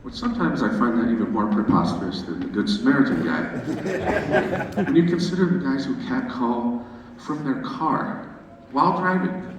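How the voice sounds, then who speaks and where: A male stand-up comedian performing a set in a comedy club with an animated, playful, self-mocking delivery. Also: mid-range voice, moderate pace, far from the mic, a little hiss or hum. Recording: echoey club recording from afar, crowd laughter.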